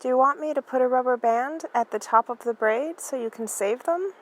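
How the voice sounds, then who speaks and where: A woman's voice: sits high, fairly quick, voice pushed up, rough recording. A woman reading aloud as a hesitant, dutiful teenage girl. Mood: nervous.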